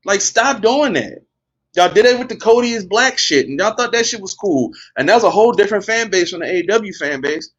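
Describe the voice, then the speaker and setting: A man's voice: sits high, expressive, brisk, fairly bright tone, highs cut off. A man on a wrestling podcast, ranting in casual chat, blunt and profane and exasperated.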